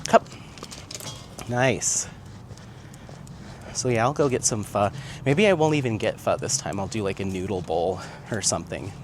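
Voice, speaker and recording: A man's voice: on the low side, a little slow, long pauses. A man hosting a casual vlog while walking outdoors, chatting and laughing often as he reads out viewer comments. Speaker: vlog host. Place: outdoors on town streets. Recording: street noise, outdoor recording. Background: faint street and traffic sounds.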